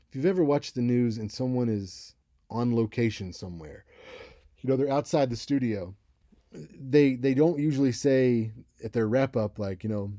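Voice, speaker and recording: A man in his thirties teaches a casual college class on speaking, occasionally demonstrating example voices in this recorded lecture. His warm, medium-pitched voice comes through at studio quality, free of echo.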